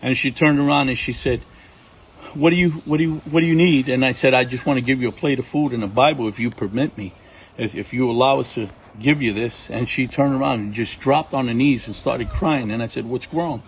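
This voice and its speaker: A middle-aged man from Puerto Rico, a ministry partner telling faith testimonies in an animated way, acting out what people said. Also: medium pitch, brisk, a little hiss or hum, low-quality recording. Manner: animated storyteller, acts out quotes. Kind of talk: testimony talk. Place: outdoors at home.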